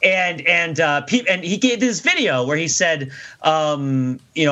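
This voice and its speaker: A man's voice: on the high side, moderate pace, bright, forceful tone. A man co-hosting a podcast, rambling in casual discussion with frequent restarts and laughs. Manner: rambling, self-interrupting, laughs often. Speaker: podcast co-host. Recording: dull lo-fi sound.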